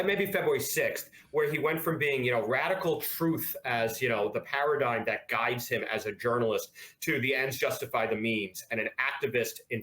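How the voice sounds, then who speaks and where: A man speaking as a podcast guest, recounting events briskly with digressions. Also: medium pitch, fairly bright tone. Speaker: guest, former board member. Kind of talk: podcast conversation. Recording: echoey room.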